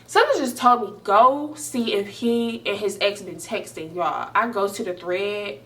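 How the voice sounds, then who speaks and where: A woman in her twenties tells a casual storytime to viewers, animated and slangy, swearing often as she talks straight to the camera. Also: medium pitch, measured pace, far from the mic, slight background noise. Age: 20s. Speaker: storytime vlogger.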